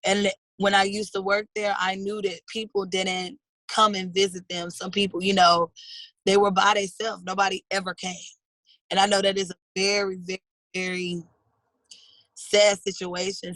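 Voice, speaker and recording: A woman's voice: mid-range voice, flat delivery, normal speed, fairly bright tone, no room sound, rough recording. A woman in her thirties speaking in a heartfelt, earnest way in a personal interview, often calling people "baby". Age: 30s.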